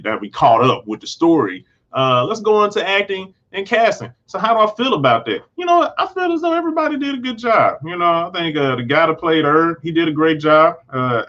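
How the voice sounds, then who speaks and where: A man's voice: on the high side, a bit bright, muffled recording. A man casually recapping and reviewing a TV episode, rambling with lots of fillers and acting out characters' lines in a loose, slangy way. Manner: rambling, full of fillers like "you know" and "like". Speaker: film and TV reviewer.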